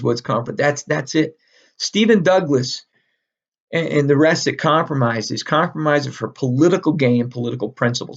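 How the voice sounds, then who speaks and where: A man giving a casual, animated history lecture, emphatic and repeating key words, with frequent laughs. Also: mid-range voice, gravelly, lo-fi sound. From northern United States. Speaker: history teacher.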